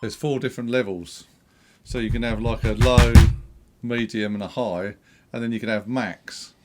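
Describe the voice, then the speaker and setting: A man explains settings in a calm, steady way while co-hosting a casual gear demo. His voice sits in a middle pitch and sounds plain and even. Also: moderate pace, soft background music. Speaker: co-host.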